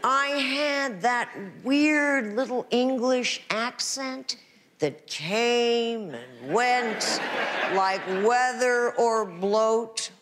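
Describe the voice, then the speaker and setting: A woman's voice: on the high side, drawn-out words, noisy background. A woman, an actress, telling self-mocking stories to an audience with punchy comic timing, from archival clips with laughter behind.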